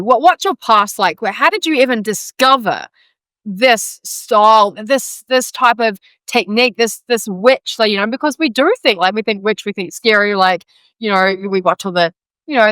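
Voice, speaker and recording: A high, bright woman's voice comes through clean and close, with a crisp, smooth tone. She hosts a podcast in loose, excitable chat, piling up fillers and casual swearing. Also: dry recording. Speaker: podcast host.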